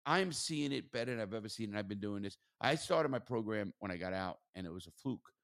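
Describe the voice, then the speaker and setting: Male podcast host, 60s, animated and profane storyteller, very lively pitch. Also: fairly quick. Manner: animated, profane storyteller, swings loud and soft. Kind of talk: casual chat.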